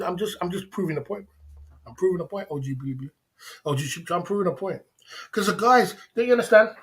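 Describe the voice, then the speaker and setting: Taunting man on a livestream. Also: a little high. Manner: taunting, repetitive, laughs often. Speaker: livestream host. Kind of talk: livestream rant at chat.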